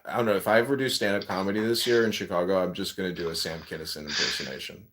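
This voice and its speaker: A man hosting a podcast in casual chat, rambling and swearing, with loud bursts of laughter. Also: low-pitched, steady tone, racing. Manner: profane, rambling, laughs loudly. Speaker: podcast host.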